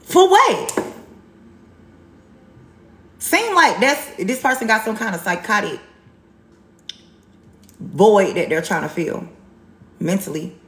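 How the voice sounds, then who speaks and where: A woman's voice: medium pitch, expressive, measured pace, long pauses, a bit bright, echoey room. A woman giving a live tarot reading, blunt and sassy, repeating herself for emphasis. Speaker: tarot reader on a livestream.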